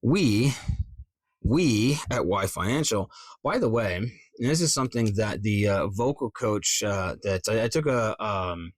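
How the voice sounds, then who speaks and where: A man's voice: fairly low pitch, expressive, measured pace, few pauses, dry recording. A man, a voice actor, thinking aloud as he tries out different readings of an ad script, with casual muttered asides.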